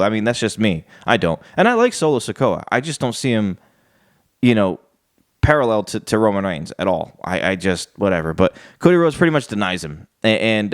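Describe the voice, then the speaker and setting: A man's voice: on the low side, dry recording, studio quality. A man giving a casual solo wrestling show review, rambling and often repeating words as he recaps.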